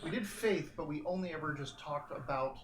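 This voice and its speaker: A man who runs the game as game master, talking in a relaxed and chatty way. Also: on the high side, brisk. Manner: relaxed, chatty, laughs easily. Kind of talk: casual chat and game narration. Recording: echoey room with background noise.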